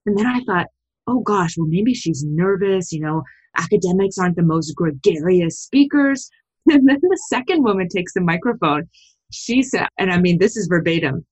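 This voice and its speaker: A middle-aged woman, a sociology professor, telling a story in a podcast interview, with big jumps in pitch when she quotes herself. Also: moderate pace, slightly rough. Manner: animated storytelling, pitch leaps when quoting.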